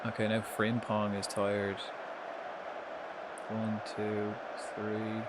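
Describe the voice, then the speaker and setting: A man with a fairly low voice talks through a football game on a live stream, chatty and quick to swear. He reacts out loud to every moment on the pitch. A clear layer of noise runs behind his voice. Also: monotone. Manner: chatty, swears freely, reacts loudly to the match. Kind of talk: casual live gameplay commentary.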